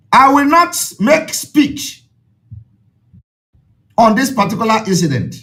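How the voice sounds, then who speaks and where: A man's voice: very high voice, big pitch swings, slow, pauses often, fairly bright tone. A man with a Nigerian accent, an Igbo speaker, addresses his followers in an impassioned, repetitive, preaching way.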